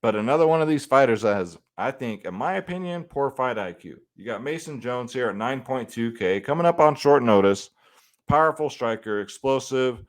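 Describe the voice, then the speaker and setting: A man hosting a fantasy sports picks video, talking casually and swearing freely as he breaks down upcoming fights. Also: mid-range voice. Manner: laid-back and conversational, swears freely and says "man" often.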